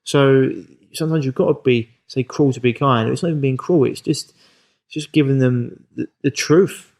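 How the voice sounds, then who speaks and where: A man's voice: mid-range voice, normal speed, poor audio. A man hosting a podcast as a health coach, chatting casually and acting out what clients say to him. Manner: animated storyteller acting out client quotes.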